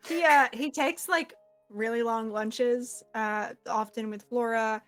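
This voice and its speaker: An enthusiastic woman narrating a tabletop game, quick to laugh and gush over her players' ideas. Her voice is fairly high. Faint music plays beneath her. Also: steady tone, fairly bright tone. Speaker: game master.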